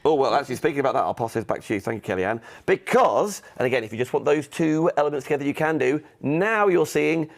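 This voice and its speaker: A man co-hosting a live shopping show, pitching products to viewers with a salesy manner. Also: lively intonation, creaky. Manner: brisk, salesy, addresses viewers directly.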